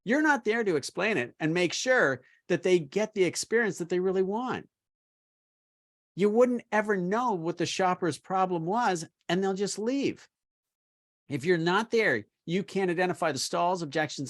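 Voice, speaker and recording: A man's voice: high-pitched, expressive, normal speed. Emphatic man coaching salespeople. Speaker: sales trainer. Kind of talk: instructional talk to car salespeople.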